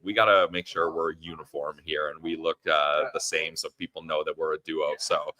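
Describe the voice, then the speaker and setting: A man's voice: extremely low pitch, flat delivery, moderate pace, pushed and bright. A young man co-hosting a casual live-streamed podcast from a friend's parents' house, laughing often and reading chat comments aloud. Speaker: podcast co-host.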